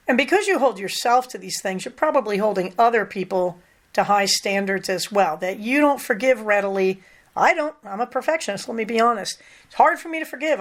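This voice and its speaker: An older woman hosting a podcast, talking candidly in a casual, conversational monologue with lively emphasis. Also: fairly high pitch. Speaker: podcast host.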